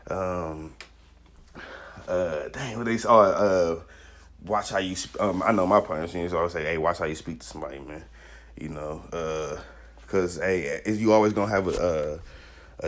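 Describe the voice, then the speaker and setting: A man preaching an informal street-style sermon, loose and rambling with many fillers and restarts. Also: sits low.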